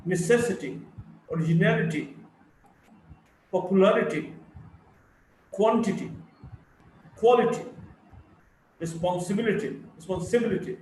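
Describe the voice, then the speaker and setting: A man teaching a live phonetics class, slowly drilling word lists and explaining stress rules. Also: high-pitched, darkish tone, distant mic, a little hiss or hum. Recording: echoey room, voice from afar.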